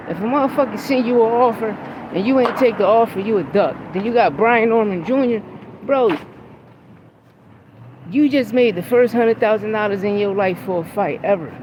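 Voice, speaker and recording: A man's voice: high-pitched, normal speed, long pauses, a little mellow, a little hiss or hum, low-quality recording. A man hosting a podcast, talking about boxing in a blunt, profane, heated way. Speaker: podcast host. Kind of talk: casual opinionated sports talk.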